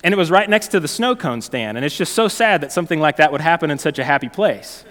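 A male pastor preaching a sermon in a conversational, animated way, telling stories and often restarting phrases. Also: on the high side, fast, long reverb tail.

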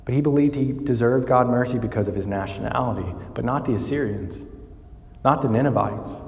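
Guy preaching a sermon, gets all fired up and loud, big echoey hall. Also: fairly quick. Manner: animated, rising in pitch and volume when building a point. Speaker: pastor. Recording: echoey church hall with long reverb.

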